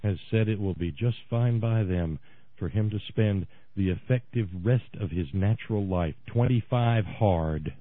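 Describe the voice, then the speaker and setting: A man on a talk radio show, tearing into a political rant that swings from low, biting asides to shouted outbursts. His voice comes through thin and phone-like, with no room around it. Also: measured pace, no echo. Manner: ranting, shouting in bursts, sarcastic. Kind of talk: impassioned political monologue. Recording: tinny phone-like radio sound, dry.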